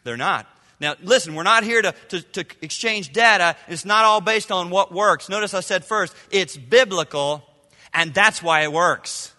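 A middle-aged man preaching to a congregation, his voice high and bright. He hammers words through repetition and swings from hushed asides to loud outbursts. The sound carries a long reverb from the large hall. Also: moderate pace. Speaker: pastor. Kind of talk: sermon.

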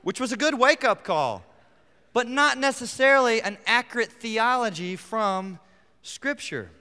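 A middle-aged man preaching a sermon as pastor, emphatic, rising to near-shouts on his key points. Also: high-pitched, lively intonation, moderate pace, clean tone. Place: church sanctuary. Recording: long hall reverb.

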